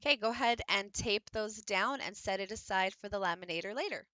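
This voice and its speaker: Female teacher, crisp bright tone, dry close-mic sound, patient hands-on tutorial delivery. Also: medium pitch, fairly quick, no echo. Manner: patient step-by-step explaining, demonstrating while working. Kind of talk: instructional craft tutorial.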